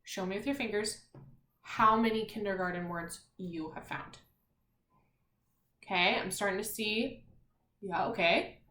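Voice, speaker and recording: Slow, patient teacher woman in an echoey room. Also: mid-range voice, fairly bright tone. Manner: patient and encouraging, sounding words out letter by letter. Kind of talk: slow, clear remote spelling lesson for children.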